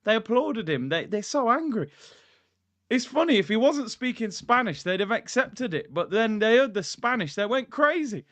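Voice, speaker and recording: Excitable high-voiced man ranting about football. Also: moderate pace, dry recording. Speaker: football YouTuber, stream host. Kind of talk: casual live-stream football commentary.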